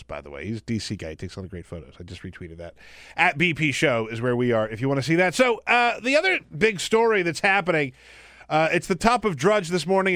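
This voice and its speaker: A man filling in as host of a political talk radio show, joking and animated, laughing easily. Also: a little high, no room sound, studio quality. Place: radio studio.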